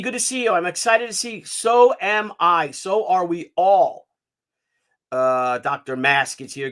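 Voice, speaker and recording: A man hosting a casual live stream, talking excitedly and chatting with his viewers. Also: high voice. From Italian heritage.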